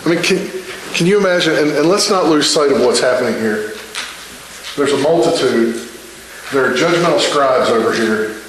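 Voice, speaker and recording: A man's voice: medium pitch, lively intonation, moderate pace, pauses often, background noise. A man preaching a sermon with fervor, driving points home by repeating his phrases. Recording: echoey room.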